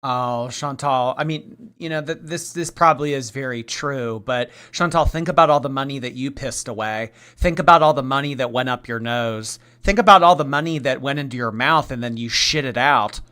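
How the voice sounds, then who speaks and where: A man's voice: medium pitch, normal speed, few pauses, sharp tone, clear, resonant tone. A man commenting on a live stream in a sarcastic, mocking way, rambling and restarting his sentences.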